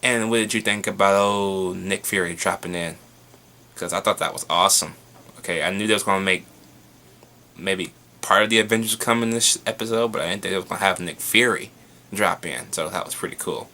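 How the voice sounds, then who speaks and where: Excitable, bright-voiced man reviewing a show. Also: low voice, a little fast. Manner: excitable, profane, chatty. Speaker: TV episode reviewer. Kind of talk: casual review vlog.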